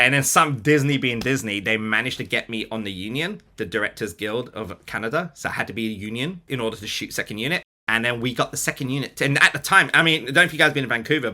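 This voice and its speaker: Brief: middle-aged man, lively storyteller, very animated, bright edge to the voice. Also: mid-range voice. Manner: excitable, acts out other people's lines. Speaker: game developer and film producer guest. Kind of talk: animated anecdote telling.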